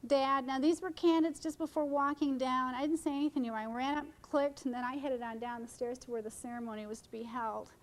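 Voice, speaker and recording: A middle-aged woman gives an informal seminar to photographers in a conference room, her high-pitched voice steady and brisk with hardly any pauses. She's chatty, jokes with the audience, and jumps between topics. The audio is poor.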